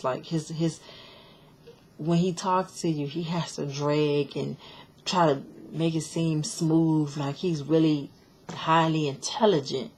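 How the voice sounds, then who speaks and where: A woman's voice: sits low, fairly even intonation, measured pace, darkish tone, husky. A woman casually recapping a reality show episode, chatty and blunt, with lots of fillers and restarts. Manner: blunt, sassy commentary.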